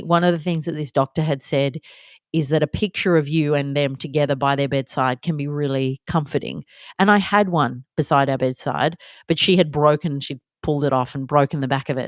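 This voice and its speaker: Chatty low-voiced mum telling bedtime stories. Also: female voice, no room sound, studio quality. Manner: chatty and self-deprecating, acts out little scenes. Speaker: podcast host. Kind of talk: candid solo podcast monologue.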